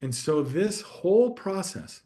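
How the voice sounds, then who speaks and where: A man guest on a conversational podcast, sharing a personal story in a reflective, steady way that grows animated at times. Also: high voice, a little slow. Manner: reflective, warm storyteller who gets animated in anecdotes. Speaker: guest coach.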